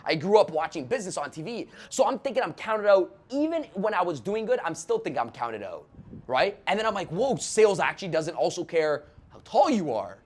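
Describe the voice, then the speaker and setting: A man telling stories as a guest on a podcast, his voice sitting a little higher than most men's. He talks fast and excitably, swears freely, and leans on "like" and "bro" as he tells his story. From Canada. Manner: rapid, profane, excitable, full of "like" and "bro". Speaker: sales trainer guest.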